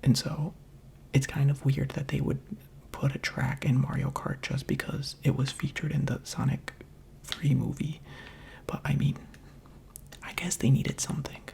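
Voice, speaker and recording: Mellow, gravelly whispering man. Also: medium pitch, little pitch movement, normal speed, pauses often. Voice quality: soft, mostly unvoiced whisper. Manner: chatty, rambling and playful, with filler words. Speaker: gaming ASMR creator. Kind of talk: whispered ASMR gaming commentary.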